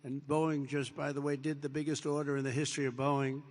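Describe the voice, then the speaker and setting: Speaking fairly quickly in a level tone that sits on the high side, an elderly president wanders through his address, circling back to repeat points and voicing the characters in a story he tells. His words echo through a big hall.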